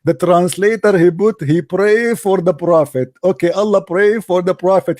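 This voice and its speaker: A man's voice: high-pitched, normal speed, darkish tone, no echo. Scornful man with dry close sound. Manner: scornful, insulting, laughs at his opponent, non-native grammar. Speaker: commentator reacting to a debate clip. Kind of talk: mocking reaction commentary.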